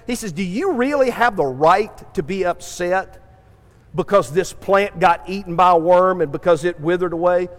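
A man's voice: high-pitched, big-room sound. A man preaching a sermon in a chatty way, stumbling over restarts and acting out the voices in the story. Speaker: pastor.

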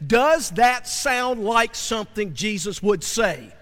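A man's voice: sits high, lively intonation, takes it slowly, a bit bright, in a large hall. A man preaching as a pastor, praying and then teaching with repeated phrases and rhetorical questions to the congregation. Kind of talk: sermon with opening prayer. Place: church sanctuary.

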